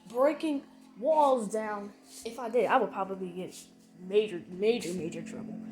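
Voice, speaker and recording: A woman's voice: sits high, darkish tone, poor audio. A woman channel host talking to her viewers from home in a rambling, repetitive, emphatic casual rant.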